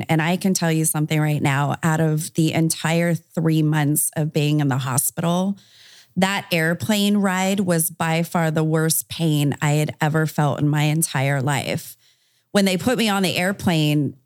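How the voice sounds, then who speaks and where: A woman with a notably low voice speaks as an interview guest on a podcast. She talks candidly and conversationally, with fillers throughout, and the sound is dry and close. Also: darkish tone, no room sound. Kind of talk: interview, recounting personal story.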